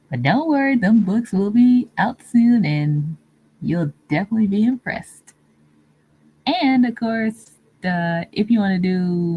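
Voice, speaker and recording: A woman chats on her livestream and replies to viewer comments in an easygoing way. She meanders from one thought to the next and pauses often. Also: lowish voice, lo-fi sound. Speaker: livestream host. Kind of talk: casual live-stream chat, reading viewer comments.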